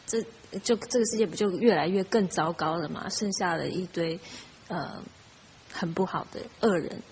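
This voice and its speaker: A woman from the audience asking a question, hesitant and halting. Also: lowish voice, a little mellow, slight background noise.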